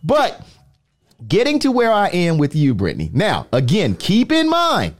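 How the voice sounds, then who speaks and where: A man with a drawl hosts a casual podcast. His pitch sits a little high and swings widely as he teases his co-host. He stretches out his words for emphasis. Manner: animated, teasing, drawn-out emphasis.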